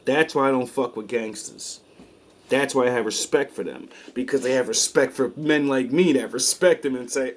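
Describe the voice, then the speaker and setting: A man's voice: medium pitch, moderate pace. A man streaming and reacting to clips, telling stories in blunt, emphatic casual talk full of swearing. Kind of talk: casual profane commentary.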